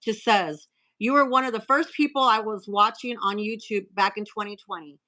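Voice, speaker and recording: Chatty lady host reading messages on a live stream, lots of ums and restarts, bright voice. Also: mid-range voice, steady tone, poor audio. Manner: chatty, reads cards aloud with filler pauses and restarts.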